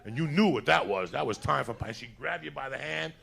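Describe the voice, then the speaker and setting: A man's voice: on the high side, brisk, gravelly, pushed and bright, slightly rough. A man from Cuba doing a stand-up set, telling rowdy, profane stories. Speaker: stand-up comedian. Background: audience laughter.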